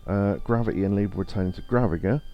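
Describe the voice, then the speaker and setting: A man's voice: lowish voice, fast, lo-fi sound. Laid-back man streaming a game. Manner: rambling, reads game text aloud, laid back. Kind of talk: casual let's-play commentary. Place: home streaming setup. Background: faint game music.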